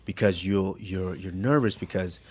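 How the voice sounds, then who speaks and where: A man with a low voice talking about fighting in relaxed podcast chat. He stumbles and repeats words as he thinks. His voice often sinks to a soft, near-whispered level. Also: normal speed. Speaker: fighter guest.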